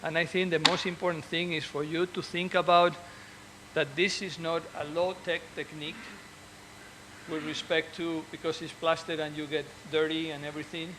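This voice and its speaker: Surgeon, male, a bit high in pitch, earnest and encouraging, stops and restarts often, faint noise behind. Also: little pitch movement, normal speed. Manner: earnest and encouraging, with frequent restarts and repeated words. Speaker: orthopedic surgeon. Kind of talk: speaking to fellow doctors.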